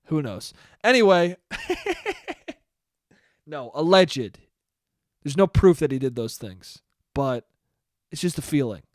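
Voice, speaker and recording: A slightly high-voiced young man from New York rambles through a solo comedy podcast, heard close and dry with no room sound. He talks with profanity, swings from loud outbursts to low mumbled asides, and breaks into high laughs. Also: very animated, slow pace, pauses often, no room sound. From New York (Westchester). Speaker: podcast host.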